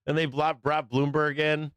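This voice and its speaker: A middle-aged man hosts a live trading stream, ranting off the cuff in casual chat, blunt and profane, swearing freely and laughing often. His voice is smooth, resonant and fairly high in pitch, recorded close and dry with no room sound.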